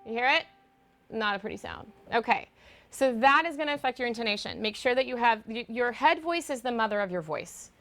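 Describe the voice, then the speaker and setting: Higher-pitched woman voice coach, animated lecture style with quick sung demos. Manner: animated, demonstrates sung notes. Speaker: guest voice teacher. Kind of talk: lecture to a choir.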